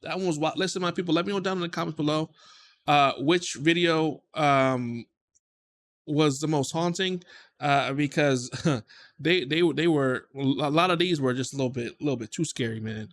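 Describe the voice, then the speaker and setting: A man's voice: fairly high pitch, moderate pace. Casual man reacting in disbelief. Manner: emphatic, repeats himself in disbelief. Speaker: reaction video host.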